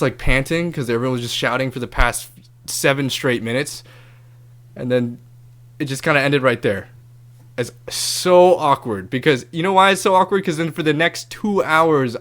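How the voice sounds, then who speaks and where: On his own show, a male podcast host with a mid-range voice tells a story in a relaxed, animated monologue. He doesn't hold back on swearing and raises his voice to act out what others said.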